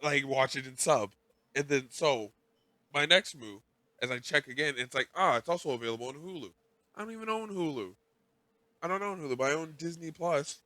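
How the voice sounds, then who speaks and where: Bright-voiced man telling a rambling story. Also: a little high, normal speed, no echo. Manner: rambling, self-mocking storytelling with profanity. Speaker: podcast host. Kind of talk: casual chat.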